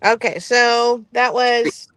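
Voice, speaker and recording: A woman hosting a casual livestream giveaway, upbeat and quick to laugh. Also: on the high side, flat delivery, fairly bright tone, no room sound, poor audio. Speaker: livestream host running a giveaway. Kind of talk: casual chat.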